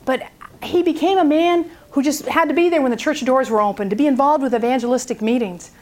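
A woman speaking at a prayer seminar, telling a story in an animated way and acting out its people. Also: high-pitched, brisk.

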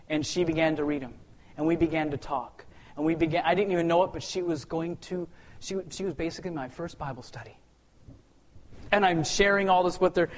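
Man, high voice, testimony storyteller; animated, plays out dialogue, swings from loud to hushed, stumbles into repeats. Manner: repeats words when restarting. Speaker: speaker sharing a personal testimony.

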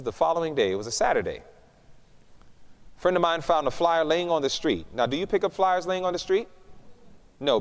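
A man preaching a testimony sermon, a lively storyteller who acts out the dialogue. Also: fairly high pitch, long reverb tail.

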